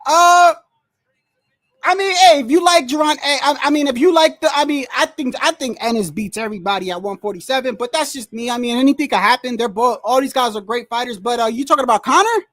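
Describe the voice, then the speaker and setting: A livestream host giving live, excitable commentary while watching a fight, often exclaiming, swearing freely, and talking straight to the fighters and referee. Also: high-pitched, fast, hardly any pauses. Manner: reads viewer messages aloud.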